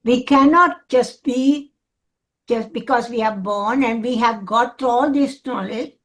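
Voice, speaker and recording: An older woman in a study group on a video call, asking a question in a halting way while searching for words. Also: a little high, a bit bright.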